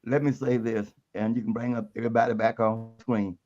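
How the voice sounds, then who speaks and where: A man's voice: medium pitch, steady tone, brisk, a little mellow, muffled recording. A man speaking as a guest on a panel, a little out of breath, with a folksy, preachy way of telling things. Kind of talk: casual panel talk.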